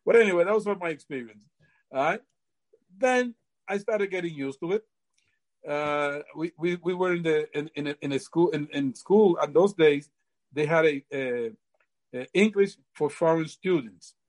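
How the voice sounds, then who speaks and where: Older man, halting, repeats himself. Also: fairly high pitch. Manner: halting, repeats words often. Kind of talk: casual storytelling.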